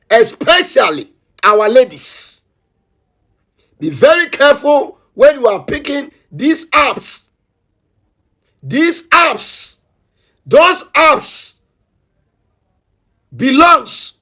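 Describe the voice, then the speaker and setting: Husky high-voiced man, slow. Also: sing-song, sharp tone, faint music behind. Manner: emphatic, repeats his warnings. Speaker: vlog host. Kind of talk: commentary.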